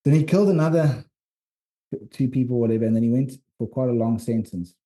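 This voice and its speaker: Dark-voiced South African man telling stories. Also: medium pitch, brisk. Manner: rambling, animated storytelling. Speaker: podcast co-host and documentary filmmaker. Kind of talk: casual storytelling chat.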